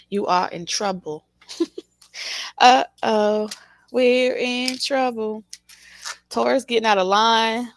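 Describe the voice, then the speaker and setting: Teasing tarot-reading woman with gravelly voice. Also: medium pitch, no room sound. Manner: animated, teasing, dramatic, laughs often. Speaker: tarot reader. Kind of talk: casual tarot reading to camera.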